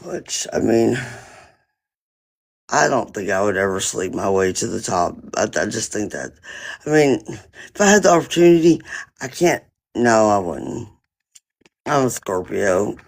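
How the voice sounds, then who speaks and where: A man's voice: lowish voice, lively intonation, a little slow, creaky, pauses often. A man on a phone live stream, rambling through an indignant, profane story about a neighbor in casual chat. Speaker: livestreamer.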